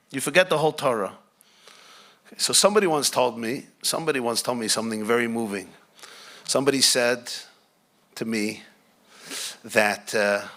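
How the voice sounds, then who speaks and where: A man's voice: medium pitch, pushed and bright. A man, a rabbi, giving a conversational Torah class, asking the audience questions and adding joking asides. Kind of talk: Torah class talk to a live group.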